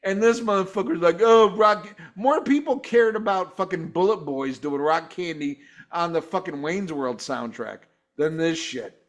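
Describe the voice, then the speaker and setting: A man's voice: fairly high pitch, expressive, moderate pace, hardly any pauses. A man hosting a live show, ranting and swearing constantly as he reviews a concert, exasperated and mocking. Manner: mimics singers and guitars in loud mocking voices. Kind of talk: profane ranting commentary.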